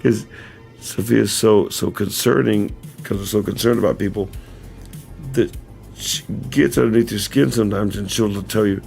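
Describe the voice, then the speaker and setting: On a camera mic, a livestream host with a fairly low, gravelly, darkish voice speaks at normal speed in a steady tone. His story wanders and self-corrects amid frequent chuckles, then he talks earnestly and directly to his audience. Faint music sits behind him.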